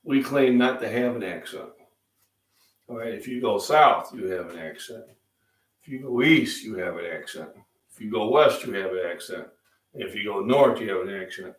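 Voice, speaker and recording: A middle-aged Midwestern man hosting a casual fitness chat, rambling with many fillers, feeling under the weather with coughs and throat-clearing. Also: lowish voice, moderate pace. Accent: Midwestern American. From Illinois, US Midwest. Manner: rambling, chatty, frequent fillers. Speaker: fitness channel host. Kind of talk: casual live-stream breakfast chat. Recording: echoey room, distant mic.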